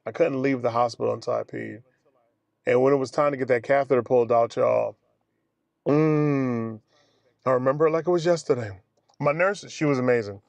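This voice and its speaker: A man telling a personal story casually to his viewers in an animated way, acting out other people's lines as he goes. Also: medium pitch, normal speed, creaky, no room sound. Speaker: vlogger.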